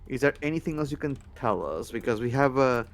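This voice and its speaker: A man's voice: medium pitch, lively intonation, fairly quick. A man in casual, questioning chat while playing a tabletop game. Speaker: player.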